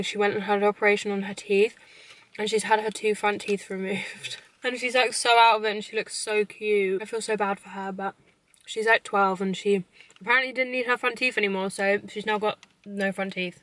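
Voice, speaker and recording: A woman's voice: mid-range voice, flat delivery, moderate pace, a bit bright. A young woman chats casually to camera from her parked car while eating. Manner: chatty, eating while talking. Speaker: YouTuber.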